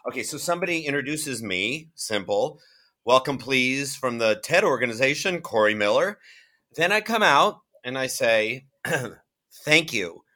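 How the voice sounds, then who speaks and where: An actor playing an eager, starstruck event assistant in a comedy sketch, talking in a gushing, rambling way. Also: male voice, medium pitch, expressive, normal speed, bright, forceful tone.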